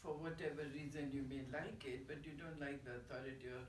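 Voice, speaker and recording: A man's voice: a little high, steady tone, fast talker. A man in the audience asking a thoughtful, probing question. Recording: distant mic in echoey hall with noise.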